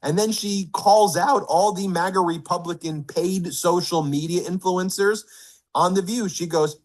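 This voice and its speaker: A man's voice: high voice, unhurried. A man giving a political commentary monologue, reading quotes aloud in an indignant rush.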